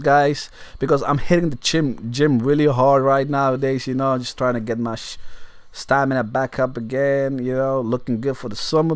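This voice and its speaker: A man's voice: medium pitch, dry recording. A young man telling a story in a casual, crude and brash way, laughing at himself. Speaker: vlogger.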